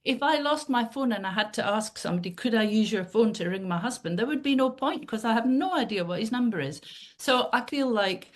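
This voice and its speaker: A woman's voice: a little high, expressive, fairly quick. A woman speaks as a podcast guest, laying out her view in a thoughtful, earnest way. She works through personal anecdotes at a conversational pace. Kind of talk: conversational explanation.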